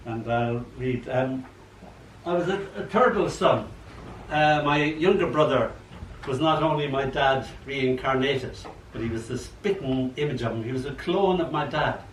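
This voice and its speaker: An older man reading his poems at an open mic, chatty and animated, acting out the voices in his stories. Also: mid-range voice, a little slow. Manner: chatty, animated storyteller who acts out quotes. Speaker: poet. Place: old library room. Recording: echoey room, mic far off, faint hum.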